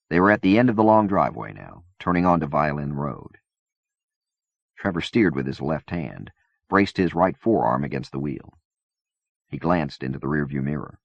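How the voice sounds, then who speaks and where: A man reading a novel aloud in measured, even scripted narration. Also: a bass voice, gravelly, no echo. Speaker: audiobook reader. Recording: dull dry cassette-era recording.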